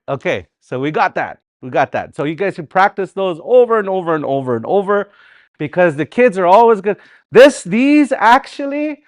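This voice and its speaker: A man leads a live language class in a lively, swooping voice that sits a little high for a man. He drills words slowly and sometimes sings a phrase to show its tune. The sound is close and dry. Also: no echo. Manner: animated, repeats words slowly for practice. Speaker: language teacher.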